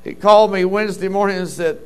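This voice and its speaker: A man's voice: high-pitched, fairly even intonation, fast, a little mellow, smooth, faint music behind. A middle-aged man preaching a sermon as a pastor, telling stories with fervent interjections of praise.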